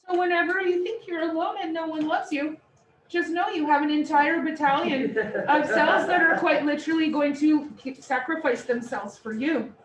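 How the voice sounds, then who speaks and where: Woman instructor, high voice, playful lecture style, echoey room recorded from a distance. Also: normal speed. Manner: animated, playful explanations. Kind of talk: classroom lecture. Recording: echoey room, distant mic, faint noise.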